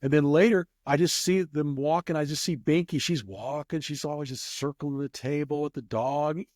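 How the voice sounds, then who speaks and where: A man's voice: on the high side, steady tone, normal speed, darkish tone, no room sound, studio quality. A man telling a rambling casual story as an interview guest, with many restarts. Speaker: guest, craps player.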